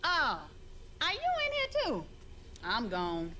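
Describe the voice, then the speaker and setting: A woman's voice: on the high side, huge pitch swings, slow pace, pushed and bright, slight background noise, full character voice. A woman voicing a sassy, teasing female ship computer in a sitcom. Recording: sitcom audio with a laugh track.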